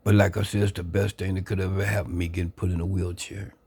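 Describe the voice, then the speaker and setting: A man earnestly sharing his life story into a phone camera, reflective and unhurried. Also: sits low, level tone, a little mellow, slightly rough. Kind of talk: personal testimony, casual talk.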